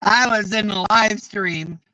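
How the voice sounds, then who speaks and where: A man's voice: sits high, slow pace, bright, forceful tone, dry recording, low-quality recording. A man telling stories in a casual, profane and exasperated way, rambling with restarts. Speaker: streamer. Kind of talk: casual storytelling chat.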